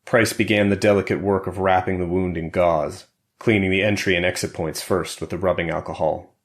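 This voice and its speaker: A deep, low-voiced man narrates a thriller audiobook from a script, reading briskly in a steady, even tone. He keeps his delivery controlled throughout the action.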